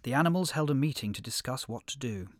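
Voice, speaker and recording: A man narrating an animal fable in an expressive storybook reading. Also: medium pitch, quick pace, no echo, studio quality.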